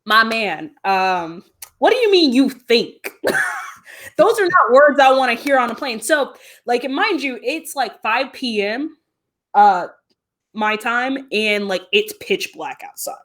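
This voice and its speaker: A woman guest telling a story in a casual, animated way, full of fillers and quick laughs. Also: on the high side.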